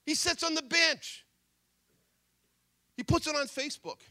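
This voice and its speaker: A man in his fifties, a motivational speaker telling a story with energy, repeating his phrases and swinging between hushed and loud. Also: very high voice, a little slow, dry recording.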